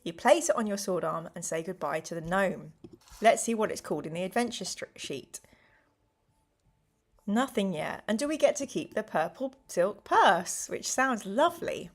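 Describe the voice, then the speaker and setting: A woman's voice: mid-range voice, animated, normal speed. A woman hosting a live stream, reading a gamebook aloud to her chat in a playful, exclamatory way.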